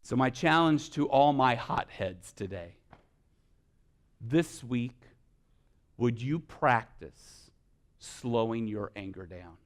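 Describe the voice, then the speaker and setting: A man preaching a sermon, building from quiet, soft-spoken stretches to loud, passionate exhortation. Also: mid-range voice, animated, takes it slowly, long pauses. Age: adult with children. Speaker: pastor.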